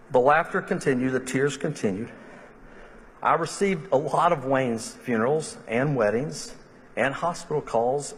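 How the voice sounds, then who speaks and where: A middle-aged man, a minister giving a funeral eulogy and telling humorous stories, slipping into lively quoted voices. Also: mid-range voice. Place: church sanctuary. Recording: long reverb of a large church hall.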